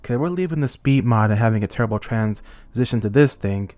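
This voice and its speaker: A man's voice: medium pitch, a little fast, no room sound, soft background music. A young man vents in an unscripted commentary rant, his voice climbing into angry outbursts and then settling back down. His mid-range voice sits close to the mic in a dry, dead room. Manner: heated, swinging between angry outbursts and calm. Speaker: YouTuber. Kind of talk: ranting commentary.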